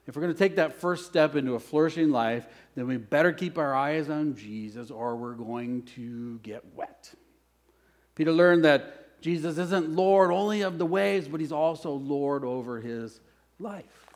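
A pastor preaching a sermon, moving between hushed lines and loud, emphatic calls. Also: male voice, medium pitch. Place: church.

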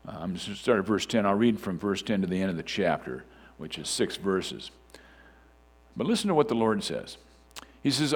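A man's voice: low-pitched, lively intonation, moderate pace, breathy edge. A man preaching a sermon in a conversational way, with frequent fillers and restarts. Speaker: pastor.

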